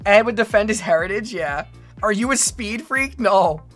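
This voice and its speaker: A woman's voice: medium pitch, animated, moderate pace, faint music behind. A woman streamer chatting casually, rambling and playful, with frequent stammering restarts. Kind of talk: casual livestream chat.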